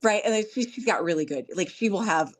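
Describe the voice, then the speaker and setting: A woman's voice: medium pitch, lively intonation, quick pace. A middle-aged woman hosting a podcast, giving earnest relationship advice in a casual, coaching way. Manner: earnest, coaching, acts out quoted dialogue. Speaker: podcast host.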